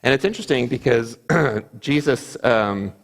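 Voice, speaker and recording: A man's voice: medium pitch, animated, unhurried. A man teaching a Bible class in a church, speaking earnestly, quoting scripture and often restarting his sentences. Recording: reverberant church hall.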